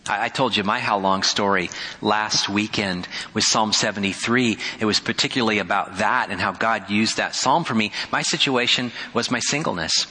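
A man's voice: fairly low pitch, moderate pace, breathy edge. Earnest male pastor preaching in a hall. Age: 30s. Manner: earnest, swings between pleading cries and quiet asides. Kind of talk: sermon.

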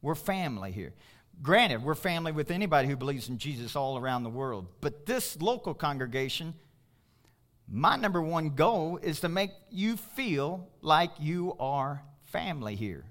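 A middle-aged man preaches with a bright, forceful edge to his voice. He sits a little higher than most men and drives his points home with emphatic calls to the congregation. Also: sing-song, normal speed. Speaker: pastor. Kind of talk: sermon.

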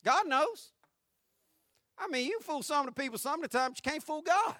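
A male pastor preaching a sermon with fervor, going from hushed tones to shouting and repeating his points. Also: extremely high pitch, lively intonation, a little fast, no echo, clean studio sound. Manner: fervent preaching, swinging from hushed to shouting, with repetition.

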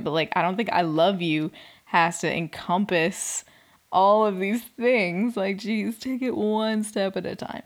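A young woman in casual chat, recapping a dating show in a chatty, sarcastic way, full of "like" and little laughs. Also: on the low side. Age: young adult.

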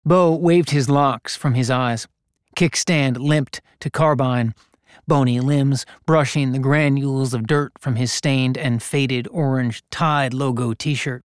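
A man reading a gritty story aloud in a measured, deliberate narration. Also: mid-range voice, fairly even intonation, clean tone, no room sound, studio quality. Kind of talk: scripted narration.

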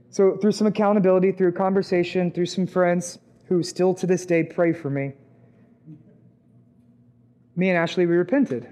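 A man, perhaps in his twenties, preaching a sermon with a personal testimony, talking conversationally and rising to loud, emphatic peaks. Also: high-pitched, fairly even intonation, moderate pace, pauses often, muffled recording. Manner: conversational, acts out quoted voices, rises to loud emphatic peaks.

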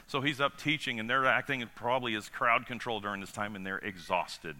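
A man's voice: mid-range voice, fairly quick, slight background noise. A male pastor preaching a sermon in a casual, conversational way, often putting rhetorical questions to the congregation. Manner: casual and animated, asks the congregation rhetorical questions, acts out quotes.

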